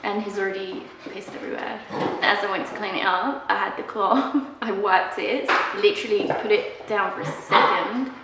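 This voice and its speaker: A woman's voice: medium pitch, steady tone, moderate pace. A young woman vlogging casually at home, candid and chatty, fond but exasperated while looking after a puppy. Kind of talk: casual chat to camera. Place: room in her house. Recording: very echoey room, audible background noise.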